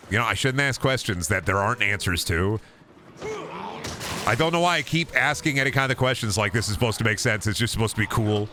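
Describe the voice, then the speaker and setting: A man with a bright, forceful voice narrates his gameplay in loose, rambling riffs. He swears freely and keeps breaking into silly impressions to drive a joke home. A faint hum of noise sits under the talk. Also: medium pitch. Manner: rambling, sarcastic, profane, riffing with goofy voices. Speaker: streamer. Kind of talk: casual gameplay commentary.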